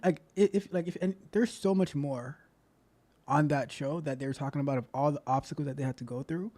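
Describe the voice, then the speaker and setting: A man's voice: on the high side, brisk, warm tone. A man hosting his coding channel, talking in a loose, rambling way and repeating himself as he comments. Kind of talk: casual reaction commentary.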